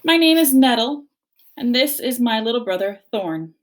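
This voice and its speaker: A woman performs a sarcastic, bossy bear girl in an expressive, natural-sounding voice at normal speed, pitched fairly high and above her own voice.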